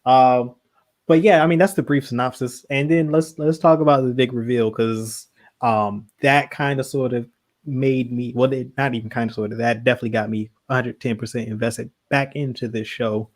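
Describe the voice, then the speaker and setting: A man co-hosting a podcast in casual chat, animated, with quick asides and laughs. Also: medium pitch. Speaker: podcast co-host.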